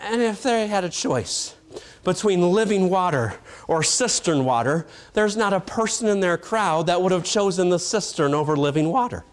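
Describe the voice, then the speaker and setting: A man preaching a revival-style sermon in a fairly high voice. He swings between loud, shouted climaxes and hushed, low endings on phrases, with dramatic pacing throughout. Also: animated, moderate pace. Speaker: evangelist preaching.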